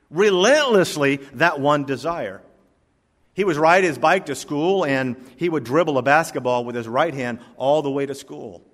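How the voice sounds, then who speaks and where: Male preacher, mid-range voice, storytelling sermon, dynamic and emphatic, reverberant church hall. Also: a bit bright. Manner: storytelling preacher with wide swings in pitch and volume, slowing for emphasis. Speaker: pastor. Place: church sanctuary.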